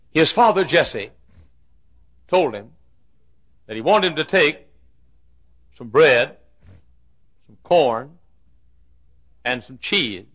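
A man preaching a sermon, telling a Bible story with dramatic swings from loud declarations to hushed asides. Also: medium pitch. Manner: acts out the Bible characters' lines.

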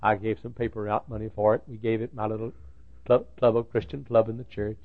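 A man's voice: fairly low pitch, flat delivery, brisk. A pastor preaching a sermon, telling stories and repeating phrases as he builds to emphatic peaks. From Dallas, Texas. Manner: storytelling, repetitive, rising to emphatic peaks. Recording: tinny lo-fi old sermon tape.

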